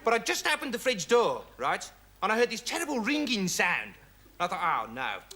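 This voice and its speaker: A man's voice: high-pitched, wildly swooping pitch, moderate pace, sharp tone, slight background noise, heavily acted. An actor playing a rambling, dim young male reporter who talks to camera in a comic monologue full of pointless asides. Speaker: investigative reporter.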